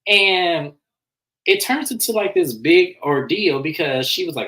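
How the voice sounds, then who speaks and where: A man casually recapping and reviewing a reality TV episode, animated and slangy, acting out what people said. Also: fairly high pitch, unhurried, rough recording. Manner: animated, acts out quotes, slangy.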